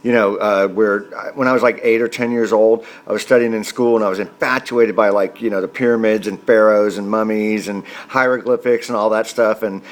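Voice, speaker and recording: A man's voice: on the low side, steady tone, a little fast, few pauses. Rambling storytelling man in his forties. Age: 40s. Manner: rambling, chatty, many fillers. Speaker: comedian vlogger. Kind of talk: storytelling comedy monologue.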